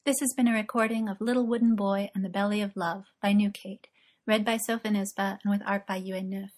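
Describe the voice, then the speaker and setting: A woman reading an audiobook as narrator, in a calm, even storytelling manner. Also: mid-range voice, brisk. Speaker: audiobook reader. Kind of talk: scripted narration.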